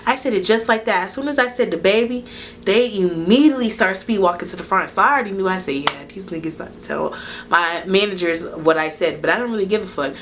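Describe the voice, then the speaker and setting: A woman telling a storytime to her camera in a casual, animated, profane way, acting out the people in it. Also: mid-range voice, fast talker, slight background noise. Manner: animated, profane retelling that acts out dialogue. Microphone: camera recording to SD card.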